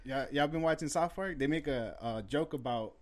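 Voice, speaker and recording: A man's voice: fairly high pitch, moderate pace. A man chatting casually on a podcast, loose and profane, calling his friends "bro". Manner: loose, swearing, drops "bro" a lot. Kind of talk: casual chat.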